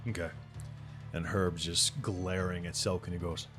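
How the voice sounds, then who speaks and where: A man's voice: low-pitched, flat delivery, measured pace, a bit bright, faint music behind. A man running a tabletop game as game master, narrating in a loose, rambling way.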